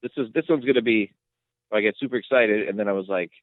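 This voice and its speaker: A man co-hosting a sports podcast, retelling plays in a rambling, excitable way. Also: on the low side, fast, no room sound. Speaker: podcast co-host. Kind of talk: casual sports chat. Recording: tinny phone-like line, dry.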